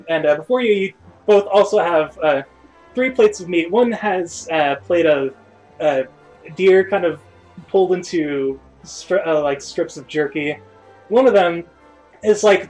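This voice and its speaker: A man narrating a tabletop game as game master, pausing often and circling back as he describes the scene. His voice sits a little high. Faint music plays underneath. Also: a little mellow, low-quality recording. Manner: rambling, full of uhs and restarts.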